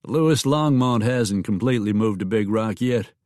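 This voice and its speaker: A man's voice: fairly low pitch, moderate pace, darkish tone, dry recording, clean studio sound, lightly acted. A man doing a wry, blunt town sheriff. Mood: plain.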